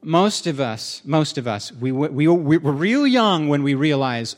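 A man preaching a sermon in a conversational, animated way, joking with the congregation in a church hall. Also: on the high side, unhurried. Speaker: pastor.

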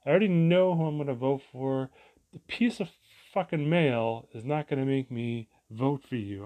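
A man's voice: mid-range voice, normal speed, dark tone. A man vlogging a casual, rambling rant, exasperated and profane, full of restarts and asides.

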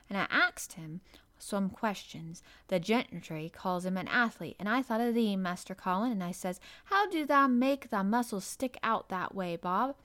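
A woman's voice: medium pitch, a bit bright, close to an everyday voice. Woman reader doing a Yorkshire farm boy, friendly, earnest, broad homely dialect, storybook.

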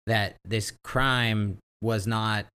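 A man's voice: lowish voice, steady tone, very slow, pushed and bright, clear, resonant tone. A man co-hosting a podcast, recapping an episode in casual chat and acting out the characters' lines as he retells it. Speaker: podcast co-host.

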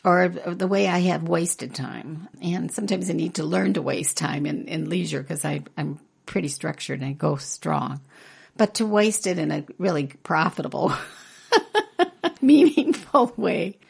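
An older woman with a low, gravelly voice and a husky edge. She co-hosts a faith podcast. She talks earnestly and often breaks into laughter. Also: moderate pace, darkish tone. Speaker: podcast co-host. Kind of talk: casual faith discussion.

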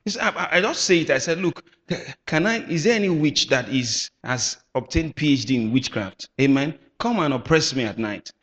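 A man preaching a sermon with emphatic bursts, shouting at times and calling on the congregation to answer back. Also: fairly high pitch, expressive, moderate pace. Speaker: pastor. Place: church hall. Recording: echoey hall.

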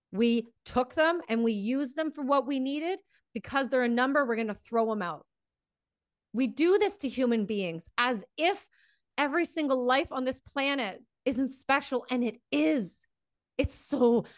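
A high-pitched woman's voice, studio quality with no echo, belongs to a podcast host. Her commentary is impassioned and emotional, full of swearing, before she turns to interview a guest.

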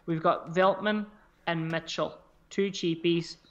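A man's voice: a little high, steady tone, slow pace, dull audio. A man co-hosting a casual podcast chat, swearing freely as he talks through his squad choices aloud. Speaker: podcast co-host. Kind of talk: casual fantasy football chat.

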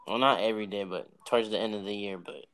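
Chill teen dude, lowish voice, rambles a bit while agreeing. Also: male voice, fairly even intonation, fast talker, a bit bright, no room sound. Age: teens. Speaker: podcast co-host. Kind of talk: casual chat.

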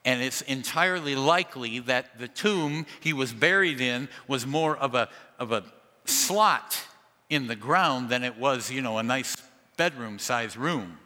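Animated preacher in a reverberant sanctuary. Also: male voice, medium pitch, a little slow. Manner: dramatic storytelling with animated asides. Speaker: pastor. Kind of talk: sermon. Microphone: amplified through a sound system.

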